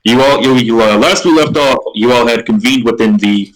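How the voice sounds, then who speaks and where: A man with a loud, projecting voice, running a tabletop game as game master in halting, restart-filled narration. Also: medium pitch, poor audio.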